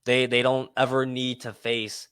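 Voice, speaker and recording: A man's voice: medium pitch, flat delivery, a little slow, fairly bright tone, clear, resonant tone, no room sound. A man co-hosting a podcast, telling a frustrating story casually, swearing and repeating himself on a close mic. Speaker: podcast co-host.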